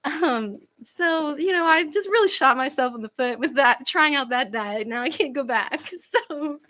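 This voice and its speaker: Young woman, casual home livestream host, halting delivery with fillers and sighs. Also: high voice, lively intonation, bright, forceful tone, rough recording. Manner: halting, searching for words, frequent fillers and sighs. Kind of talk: casual livestream chat reading comments.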